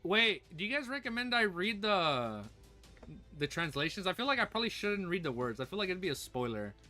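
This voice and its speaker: A man hosting a livestream reaction, chatting excitedly with viewers and his puppy. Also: high-pitched, a little fast, faint music behind. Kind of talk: casual livestream reaction chat.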